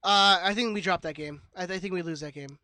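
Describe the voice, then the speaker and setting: A high-pitched man from talks quickly, with a head cold. He banters and swears freely on a casual sports podcast. The sound is dry and close. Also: bright, forceful tone, no room sound. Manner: fast, joking, swears freely. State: sick with a cold. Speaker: podcast co-host.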